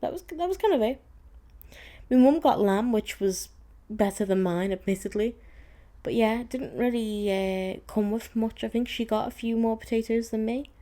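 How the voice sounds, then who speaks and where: A woman's voice: fairly high pitch, normal speed, warm tone. A young woman hosting a podcast, chatting casually as she tells a story with plenty of "like"s and some exasperation. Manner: chatty and exasperated, with frequent "like" fillers. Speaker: podcast host.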